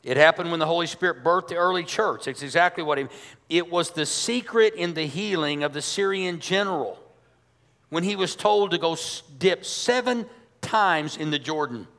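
Male pastor, high voice, emphatic conversational sermon, long church-hall reverb. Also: expressive, normal speed, a bit bright. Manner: emphatic, conversational preaching with rhetorical questions.

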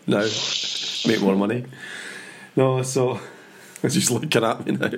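A man's voice: medium pitch, steady tone, takes it slowly, pauses often, darkish tone. A middle-aged man, hosting a casual podcast chat in a jokey, rambling way with plenty of fillers. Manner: chatty, jokey, trails off with fillers. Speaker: podcast host.

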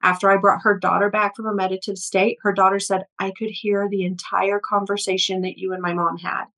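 A middle-aged woman speaking as a guest healer in an interview, earnest and storytelling, with a steady middle pitch. She often restarts with repeated words as she warms into each anecdote. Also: brisk, rough recording. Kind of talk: conversational interview.

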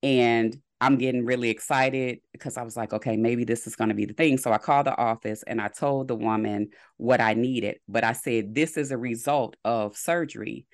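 A woman guest on a podcast, telling a personal story in a lively way and acting out the dialogue. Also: rumbling low, moderate pace, few pauses, no room sound, clean studio sound. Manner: lively retelling with quoted dialogue.

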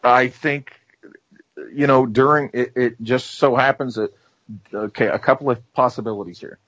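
Man, radio guest, husky, lowish voice, measured, filler-heavy, dry, muffled line. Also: fairly even intonation, a bit bright, no echo. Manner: measured, lots of "um" and "you know". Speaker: guest author and researcher. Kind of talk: radio talk show discussion.

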